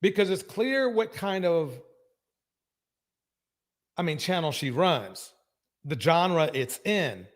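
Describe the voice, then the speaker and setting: A man hosting a live reaction stream. He talks with emphasis, repeats his phrases and breaks into loud bursts of agreement. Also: on the high side, expressive, slow, long pauses. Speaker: livestream reaction host.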